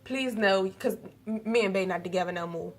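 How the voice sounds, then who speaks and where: A young woman telling a story to the camera in a casual vlog, animated and profane, laughing often. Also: medium pitch, fairly quick. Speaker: vlogger.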